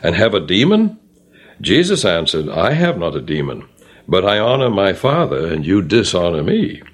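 A man's voice: very animated, normal speed, slightly rough. An older man teaching a Bible study in a conversational way, reading scripture aloud and commenting on it. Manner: reads scripture aloud and comments, rising in pitch on questions.

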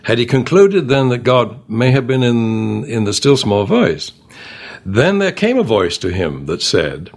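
A man's voice: mid-range voice, very animated, a little slow, creaky. A man teaching a Bible study class, reading scripture aloud with expression and putting questions to the group.

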